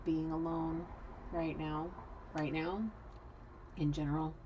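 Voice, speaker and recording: Low voiced woman doing a chill tarot reading, blunt n chatty, kinda muffled w faint hiss. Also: level tone, slow. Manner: chatty and blunt, swears freely. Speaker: tarot card reader. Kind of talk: casual channeled tarot reading.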